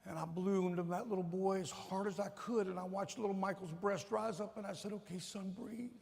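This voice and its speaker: A man giving a sermon testimony in a church, telling the story with emotion and swinging from loud to hushed. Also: high-pitched, steady tone, fairly quick, vocal fry. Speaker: guest speaker at a church. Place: church sanctuary. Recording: long reverb of a large hall.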